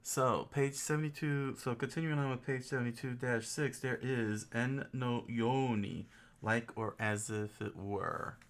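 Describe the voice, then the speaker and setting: A man's voice: mid-range voice, measured pace. A man hosting a casual study stream, thinking aloud as he sounds out phrases and chuckles often. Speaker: host studying Japanese.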